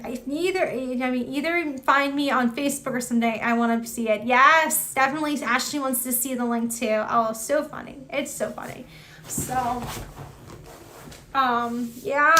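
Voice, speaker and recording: Bright, high-voiced woman chatting on a livestream. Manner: chatty, giggly, reads out viewer comments. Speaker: livestream host. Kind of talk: casual chat with live viewers.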